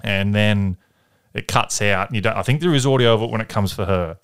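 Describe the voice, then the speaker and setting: A man's voice: fairly low pitch, a little fast, fairly bright tone, clean tone. A man, co-hosting a podcast, telling a grim story in a rambling, jokey way. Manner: rambling, jokey retelling with acted quotes. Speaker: podcast co-host. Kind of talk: casual chat, storytelling.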